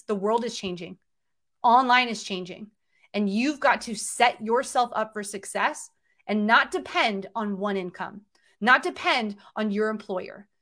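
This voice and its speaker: A woman speaking in a fairly high voice, pushing hard with repeated, urging phrases. She delivers a motivational sales pitch on a livestream. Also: fairly bright tone. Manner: emphatic, repetitive, urging. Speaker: livestream presenter.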